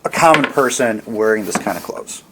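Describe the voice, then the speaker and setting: A man running a tabletop game as dungeon master, describing scenes in a relaxed, rambling way with lots of fillers. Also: lowish voice, a little fast, noisy background.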